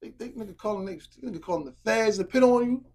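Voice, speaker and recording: A man in casual chat as a podcast co-host, animated and rambling, full of slang and restarts. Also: sits high, quick pace, a little hiss or hum.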